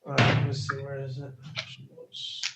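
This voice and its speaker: A man teaching a Torah class, excitable and rhetorical, his voice jumping up when he gets animated. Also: mid-range voice, normal speed, over loud music.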